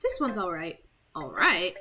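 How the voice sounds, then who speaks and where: A woman's voice: on the low side, big pitch swings, measured pace, sharp tone, pitched below the performer's own voice, full character voice. A woman reading as a blunt, prickly girl. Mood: grudging.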